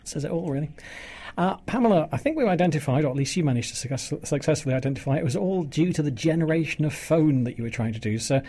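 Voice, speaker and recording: A man's voice: a little high, expressive, fast, mellow, slightly rough. A man presenting a live radio show, chatting and joking with guests in the studio. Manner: chatty, jokey, rambling.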